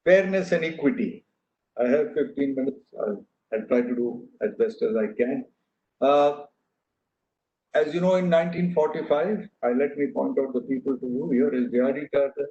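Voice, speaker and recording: A man's voice: mid-range voice, normal speed, dark tone. Older man speaking in an echoey hall. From India. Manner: anecdotal, earnest, with frequent fillers and restarts. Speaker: speaker giving a talk. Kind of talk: speech to an audience. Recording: echoey hall, dull lo-fi sound.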